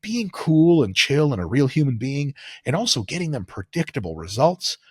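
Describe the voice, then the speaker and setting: A man talking as a guest on a podcast, animated and profane, often acting out the voices of the people he quotes. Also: mid-range voice, normal speed, husky, no echo, clean studio sound. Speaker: guest coach and sports scientist. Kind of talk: casual podcast conversation.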